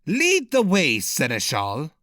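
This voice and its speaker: A man's voice: a little high, huge pitch swings, slow, bright, forceful tone, no echo, studio quality, heavily acted. A man voicing an irritable, commanding prince who speaks in a growl. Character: irritable young male prince, commanding and menacing.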